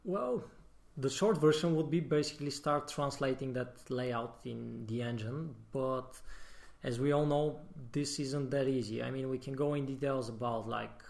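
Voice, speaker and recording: A man's voice: medium pitch, normal speed, creaky, a little mellow. A man, a guest level designer, explaining his working process in a casual podcast discussion. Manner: explanatory, advice-giving.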